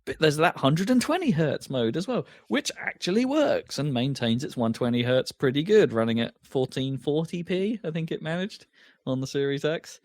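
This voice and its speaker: A man co-hosts a podcast, chatting casually and rambling with many restarts and fillers. His voice is a little high with lively intonation and a darkish tone, at a moderate pace. The recording is dry, with clean studio sound.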